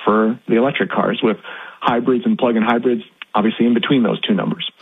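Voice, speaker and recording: A man's voice: mid-range voice, steady tone, a little fast, slightly rough, no echo. A man speaking as an analyst in a matter-of-fact news soundbite over a tinny phone line.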